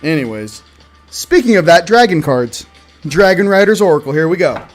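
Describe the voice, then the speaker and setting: Host, man with a high voice, rambling and joking, faint music behind, spiritual chat. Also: very animated, moderate pace.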